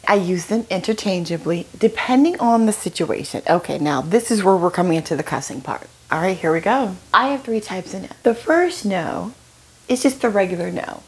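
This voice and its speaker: A middle-aged woman hosting a solo podcast, telling stories in an animated way and acting out other people's voices. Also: medium pitch, breathy edge. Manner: animated, acts out quoted voices with laughs. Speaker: podcast host.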